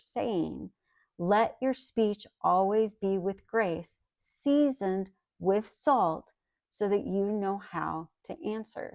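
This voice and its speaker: A woman's voice: medium pitch, dry recording, studio quality. Earnest woman giving a sermon. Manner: earnest, emphatic, conversational asides. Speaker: Bible teacher.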